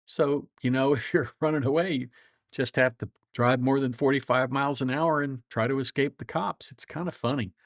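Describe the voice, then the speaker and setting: A man's voice: mid-range voice, steady tone, normal speed, dry recording. Chuckling middle-aged man, dry close sound. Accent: flat Midwestern. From grew up all over the world. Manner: rambling, chuckles often, folksy anecdotes. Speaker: lawyer and livestream host. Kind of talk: casual livestream chat.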